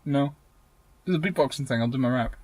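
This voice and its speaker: A young man co-hosting a late-night casual podcast chat in a van, giggly and jokey with loud laughs. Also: mid-range voice, a little fast. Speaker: podcast co-host. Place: inside a van.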